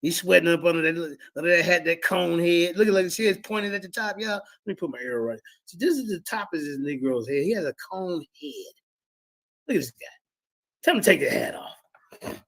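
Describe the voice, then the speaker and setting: A man's voice: on the high side, fairly quick, vocal fry, a bit bright. A man streaming live commentary on debate clips, boasting and mocking his opponents while talking to his chat. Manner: boastful, mocking, repetitive, addresses chat as "y'all".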